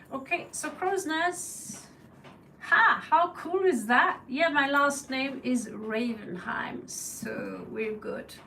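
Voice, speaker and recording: Norwegian lady doing a chill tarot stream, slow and gravelly, kinda far from the mic with faint hiss behind. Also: high voice. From Norway. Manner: chatty and loose, swearing, laughing, mimicking crow calls. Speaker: tarot reader and channel host. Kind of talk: casual live-stream chat.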